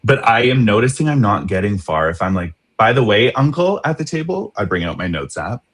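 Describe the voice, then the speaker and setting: A man's voice: on the low side, sing-song, a little fast, a bit bright, slightly rough. A man appearing as a guest on a podcast over a video call, talking earnestly about his work as an educator. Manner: earnest, conversational, many fillers. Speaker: guest, social justice educator. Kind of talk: casual podcast conversation.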